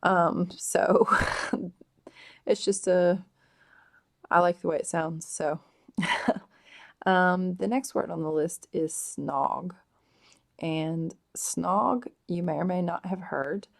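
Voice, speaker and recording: A woman explaining slang words in a casual vlog, hesitant and full of drawn-out ums. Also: lowish voice, fairly even intonation, vocal fry. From United States. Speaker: vlogger explaining British slang.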